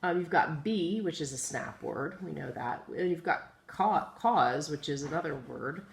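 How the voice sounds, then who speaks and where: A woman teaching a phonics lesson to young children, patient and encouraging, sounding out letters slowly. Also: fairly low pitch, gravelly. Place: classroom with chalkboard. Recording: echoey room, faint ambient noise.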